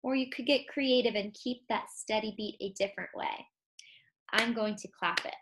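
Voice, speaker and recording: A young woman teaching a recorded music lesson to kindergarteners, speaking slowly and clearly, coaching them and singing simple songs. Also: fairly high pitch, a bit bright. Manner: slow, clear and encouraging, speaking to young children; sings simple songs and gives call-and-response prompts.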